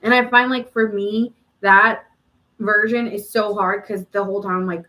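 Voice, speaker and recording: A woman's voice: mid-range voice, steady tone, normal speed, pushed and bright, poor audio. A woman hosting a live tarot reading stream, chatting casually and answering viewer comments with frequent laughs.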